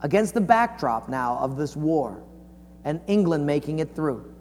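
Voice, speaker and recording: A man delivers a sermon as a lively storyteller, swinging his pitch and volume to act out the people in his story. His voice sits a little high. It rings with the long reverb of a large hall, and a faint hum runs underneath. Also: a little slow. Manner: folksy storyteller, acts out quotes with big swings in pitch and volume. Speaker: pastor.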